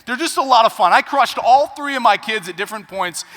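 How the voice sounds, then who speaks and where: A man in his thirties preaching a sermon as pastor, telling a family story with big swings between hushed asides and loud punchlines. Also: very high voice, animated, a little fast. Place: church sanctuary. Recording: reverberant church hall.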